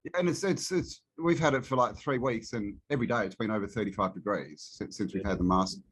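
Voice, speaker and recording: A man's voice: fairly low pitch, fast, slightly rough. Man, guest, casual chat, ranting, swears freely.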